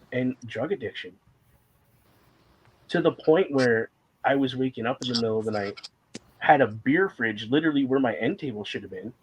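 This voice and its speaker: A man's voice: mid-range voice, a little hiss or hum, rough recording. A man talking candidly and emotionally in a casual conversation, a guest sharing a personal story with rambling fillers and moments of fighting back tears.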